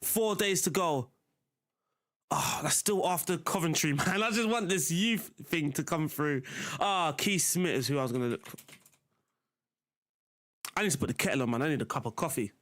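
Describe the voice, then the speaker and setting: A man's voice: on the high side, animated, moderate pace, long pauses, fairly bright tone. A young man live-streaming a football management game, chatting casually to his viewers as he plays. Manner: chatty, talks to chat while playing.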